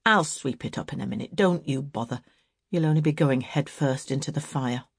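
A woman voicing a sullen young woman who speaks roughly. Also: sits low, moderate pace, no room sound, clean studio sound. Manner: rough and loud, then dull.

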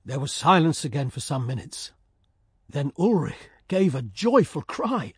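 A man narrating a dramatic story in a slow, measured storytelling voice. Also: a little high, sing-song, husky, dry recording, studio quality.

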